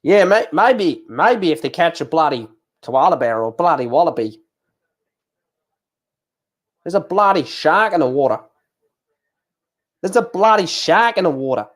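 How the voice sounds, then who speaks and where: A man's voice: a little high, very animated, measured pace, long pauses. Man putting on a mock Australian bloke. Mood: jokey. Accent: put-on Australian. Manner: jokey, exaggerated slang, swearing. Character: mock Australian bloke, cheery and laid-back.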